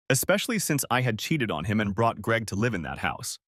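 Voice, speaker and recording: A man narrates a story audiobook in a steady storytelling manner. His mid-pitched voice moves lively up and down across phrases. The sound is dry and close, with no room echo. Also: normal speed. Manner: reads a first-person story in an even storytelling tone.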